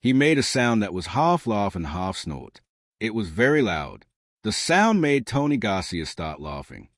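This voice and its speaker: A man narrates a story in a plain, steady storytelling manner, with a low voice that rises and falls widely. The recording is dry and close, with no room sound. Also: dry recording.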